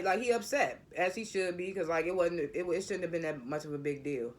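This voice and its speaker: A man with a notably high voice talks through a TV episode in a loose, rambling way. He stutters and doubles back on his words often, keeping it casual and unscripted. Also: a little fast, few pauses. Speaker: TV episode reviewer. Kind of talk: casual spoiler recap.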